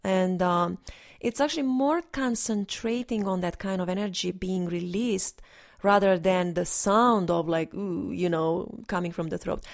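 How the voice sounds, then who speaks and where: A woman's voice: on the low side, measured pace, vocal fry. A woman energy healer in a casual, rambling monologue, earnest and instructive, with frequent restarts.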